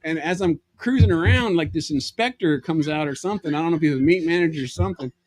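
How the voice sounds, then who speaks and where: Animated man telling a comic story. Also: a little high, quick pace. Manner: animated, laughs through his story. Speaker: guest. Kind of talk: comedic storytelling.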